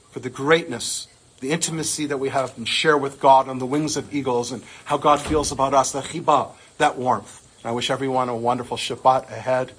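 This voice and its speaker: A man's voice: medium pitch, a bit bright, slightly rough. A man preaching a sermon, telling stories with rising and falling emotion. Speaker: religious teacher.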